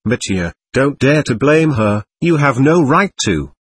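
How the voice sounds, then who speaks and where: Man reading as earnest gentle young man, audiobook, husky tone, lively pitch. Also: unhurried.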